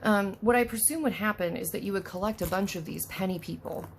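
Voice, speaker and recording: A woman's voice: medium pitch, a little fast, slight background noise. A woman hosting a casual unboxing video, chatty and self-deprecating, talking to the doll as she works. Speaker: unboxing vlogger.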